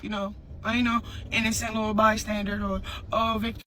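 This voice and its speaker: A woman's voice: on the high side, little pitch movement, brisk, pushed and bright, slight background noise, poor audio. A woman speaking to her followers in a casual, heartfelt video message, earnest and rambling, circling back with repeated fillers. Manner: earnest, rambling, repeats "for real" and "you know what I'm saying". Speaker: mother addressing her audience.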